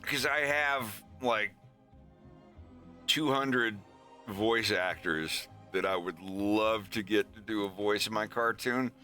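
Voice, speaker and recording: A man's voice: fairly low pitch, takes it slowly, sharp tone, faint music behind. A man streaming casually, talking in a rambling, profane way. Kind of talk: casual chat.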